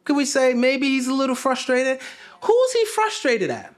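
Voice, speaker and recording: A man's voice: very high voice, big pitch swings, moderate pace. A man preaching a sermon, asking his listeners questions and repeating phrases for emphasis. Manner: conversational, asks the congregation questions. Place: church.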